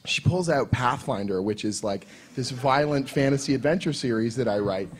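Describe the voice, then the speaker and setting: A man's voice: mid-range voice, moderate pace, breathy edge. A man sharing wry, joking stories on a convention panel, sometimes with casual swearing. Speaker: comic writer and panel co-host. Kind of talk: casual storytelling.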